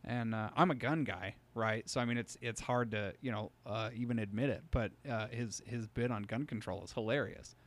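A man's voice: lowish voice, moderate pace, hardly any pauses. Rambling male podcast host. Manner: rambling storyteller, many fillers. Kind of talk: casual chat. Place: studio.

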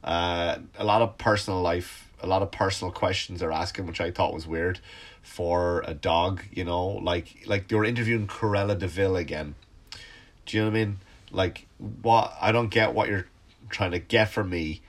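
A middle-aged comedian with a congested, sniffly voice, telling a rambling, profane story in a casual comic monologue. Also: male voice, low-pitched, normal speed. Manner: rambling, profane, self-interrupting. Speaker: stand-up comedian hosting a podcast.

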